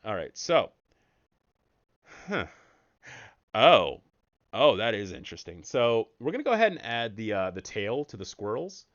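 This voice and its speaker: A man giving casual, jokey commentary while streaming a card game, breaking into sudden high excited yelps. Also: a little slow, pauses often, lo-fi sound.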